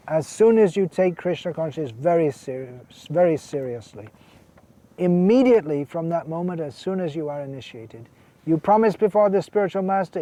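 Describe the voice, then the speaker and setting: A man's voice: a little high, moderate pace, warm tone. A man giving a scripture lecture as a monk, earnest and emphatic, repeating key words and reading out quotations. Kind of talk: sermon.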